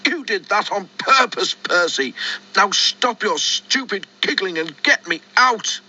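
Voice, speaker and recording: A man voicing a boastful, vain little male tank engine in a storybook reading, raised and shrill when cross, on a dull lo-fi recording. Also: normal speed, pushed and bright. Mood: furious.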